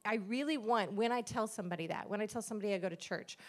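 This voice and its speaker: A middle-aged pastor's wife gives an earnest, conversational testimony at church, acting out the dialogue she quotes. Her voice sits in the mid-range and races along.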